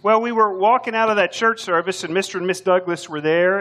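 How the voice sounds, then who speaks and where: Older texas guy subbing as preacher, kinda high voice, folksy and jokey. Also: fairly quick, hardly any pauses, bright, forceful tone. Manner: folksy, joking storyteller. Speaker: substitute preacher. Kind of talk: sermon.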